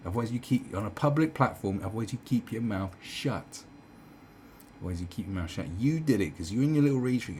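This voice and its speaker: A man's voice: medium pitch, expressive, brisk, a little mellow, husky. A man delivering a heated, profane commentary rant, full of stumbles and restarts. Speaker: commentary vlogger. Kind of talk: ranting commentary.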